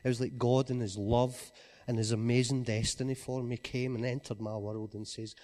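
A man with a Scottish accent giving an earnest personal testimony, often dropping to a quiet voice. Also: mid-range voice, level tone, normal speed.

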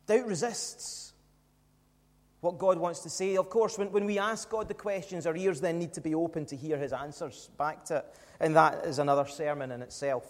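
A man's voice: fairly high pitch, moderate pace. A man preaching a sermon in a church, emphatic and full of rhetorical questions to the congregation. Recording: long hall reverb.

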